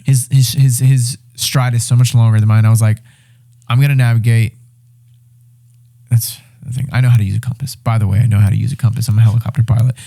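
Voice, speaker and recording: Young male podcast guest, mellow tone, animated and profane storyteller. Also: mid-range voice, quick pace, vocal fry. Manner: animated, excited retelling with swearing and restarts. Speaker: podcast guest, reality show winner. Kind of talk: casual storytelling.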